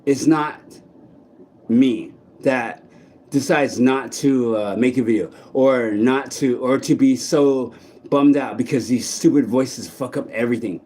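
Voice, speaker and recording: A man vlogging outdoors in a park, speaking in a blunt, halting monologue full of restarts and swearing. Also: mid-range voice, darkish tone. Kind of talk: candid personal monologue.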